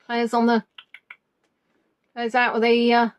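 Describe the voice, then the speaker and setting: A woman's voice: on the high side, completely flat delivery, slow pace, clean tone. A woman hosting a quiz, chatty and teasing, reading out answers as they come in. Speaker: quiz host. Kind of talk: live online quiz chat.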